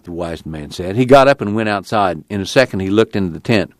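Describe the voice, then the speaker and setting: A man reading a novel aloud, calm and measured. His voice moves expressively with the story. The recording is close and dry. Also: sits low, dry recording. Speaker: narrator. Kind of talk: audiobook narration.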